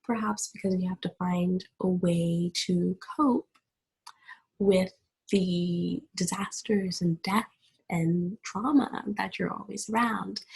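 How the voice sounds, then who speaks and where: Husky, creaky-voiced woman podcasting. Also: mid-range voice, darkish tone, poor audio. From United States. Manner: chatty, many fillers and restarts, laughs often. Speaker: podcast host. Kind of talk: casual solo podcast talk. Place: at home with family in the background.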